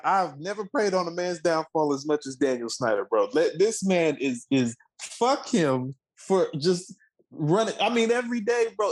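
Man, twenties, from Washington D.C. area, sports podcast co-host, heated, profane, emphatic, fairly high pitch. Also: low-quality recording. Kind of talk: sports talk podcast rant.

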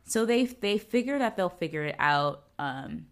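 A woman co-hosting a podcast, recapping episodes in casual chat, animated and laughing often. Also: lowish voice, measured pace. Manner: animated, laughs often, acts out characters' lines. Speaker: podcast co-host.

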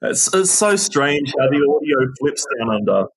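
A man in his thirties with an Australian accent, chatting as a guest on a remote interview, relaxed and quick to laugh. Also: fairly high pitch, breathy edge. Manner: relaxed, chatty, laughs easily, many ums. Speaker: guest, game designer. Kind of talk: casual interview chat.

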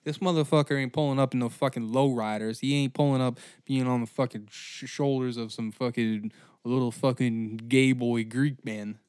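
A man hosting a comedy history podcast who rants in a profane, animated way, swearing constantly as he builds each point. His voice sits in a middle pitch and comes through a dry, close recording with no room sound. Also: moderate pace, clean tone, no room sound. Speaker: podcast host.

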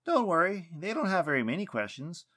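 A polite, hesitant grown man on the case, pitched clearly higher than the teller's own voice, as a male narrator puts him on. He stumbles over fillers and stays courteous even when firm. The voice carries lively rises and falls. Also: brisk, exaggerated voice. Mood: coaxing. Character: earnest adult male investigator, hesitant.

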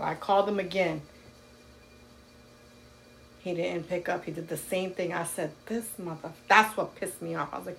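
A woman's voice: on the low side, moderate pace, creaky, long pauses, slight background noise. A woman co-hosting a podcast, ranting bluntly and profanely in casual chat. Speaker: podcast co-host.

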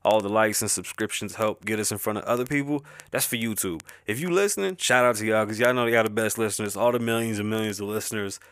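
A man's voice: on the low side, fast talker, hardly any pauses, a bit bright, clean tone. A man with a Bronx New York accent hosting a podcast in a casual, rambling way, easily sidetracked, swearing and laughing as he goes, speaking close to the microphone. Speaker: podcast host. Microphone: close-up podcast mic.

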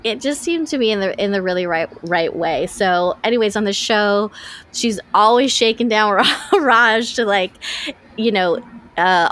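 With a fairly bright, medium-pitched voice, this woman co-hosts a podcast at a moderate, animated pace. Her casual chat is eager and meandering, peppered with fillers and false starts.

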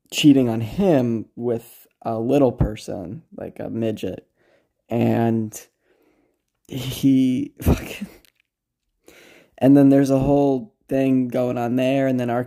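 A man's voice: medium pitch, dark tone. A man hosting a podcast, casually recapping a story in a rambling, amused way, with many restarts and some swearing. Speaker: podcast host.

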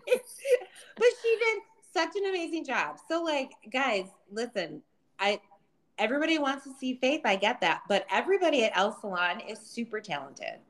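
A woman's voice: fairly high pitch, normal speed. A woman co-hosting a podcast, telling a story in casual chat, acting out quotes and laughing. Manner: animated, acts out quotes, laughs. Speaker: podcast co-host. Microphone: remote video call.

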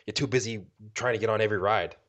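A man's voice: on the low side, fast, a bit bright. A man with a Boston accent co-hosting a podcast, chatting in a rambling, jokey way and correcting himself as he goes. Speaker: podcast co-host. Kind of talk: casual chat.

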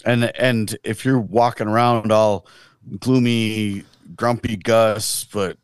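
A man's voice: lowish voice, level tone, slow, clean tone, dry recording. A man co-hosting a podcast, chatting casually and reflectively about faith, often trailing off mid-thought. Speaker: podcast co-host.

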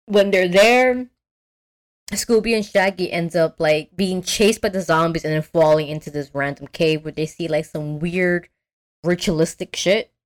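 A young woman's lowish voice, a little slow, carries a casual podcast recap of a cartoon film. As host, she tells it animatedly, voicing the quotes and swearing freely along the way.

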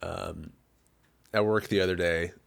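A man with a hoarse, deep, gravelly voice from being sick, chatting casually as a podcast co-host in a dry, self-deprecating way. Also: steady tone, a little slow. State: hoarse from illness. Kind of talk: casual chat.

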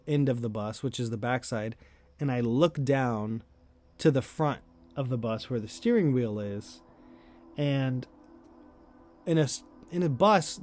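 A man's voice: medium pitch, darkish tone. A man telling a personal story in a loose, chatty way, full of "like", light laughs and casual swearing. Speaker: storyteller host.

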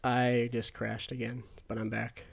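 Relaxed young man, mid-pitched voice. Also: measured pace, vocal fry. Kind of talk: casual chat.

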